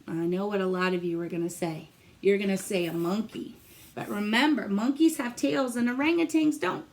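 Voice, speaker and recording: A woman teacher with a slightly high voice reads a picture book aloud to young children, staying animated and encouraging as she asks them questions.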